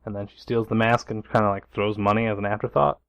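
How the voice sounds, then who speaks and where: A young man co-hosting a podcast, giving a steady plot recap with dry asides. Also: on the low side, quick pace, creaky, smooth, no echo, dull audio. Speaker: podcast co-host. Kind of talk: casual comedic recap chat.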